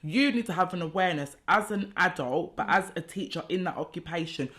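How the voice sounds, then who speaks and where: A woman's voice: on the low side, a little fast, fairly bright tone. Supportive woman co-host. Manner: supportive listener, reflective. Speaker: podcast co-host. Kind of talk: casual podcast chat.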